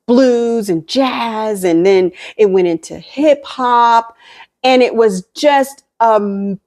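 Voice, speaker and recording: A woman's voice: medium pitch, darkish tone. A woman hosting a home cooking vlog, chatting casually and rambling with lots of fillers, often backing up to correct herself. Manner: rambling, filler-heavy, backtracks and self-corrects. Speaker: cooking vlogger. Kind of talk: casual film recap while cooking.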